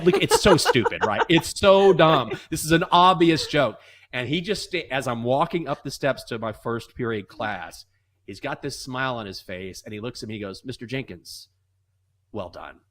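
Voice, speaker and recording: Animated male sports-betting show host. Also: medium pitch. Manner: animated, acts out voices in anecdotes. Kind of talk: casual storytelling and sports betting chat.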